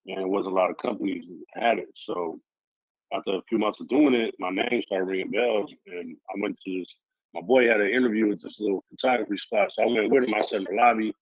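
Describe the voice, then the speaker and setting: A laid-back man with a fairly low voice tells stories in blunt street slang and acts out the lines of the people in them. The audio is dry and a little muffled. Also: dry recording. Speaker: podcast guest. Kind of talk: casual storytelling interview.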